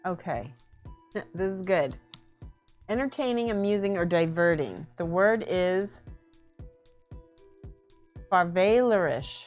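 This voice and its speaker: A woman's voice: on the low side, lively intonation, a little slow, pauses often, a little mellow, faint music behind. A woman chatting casually on a livestream while painting miniatures, giggling often and thinking aloud.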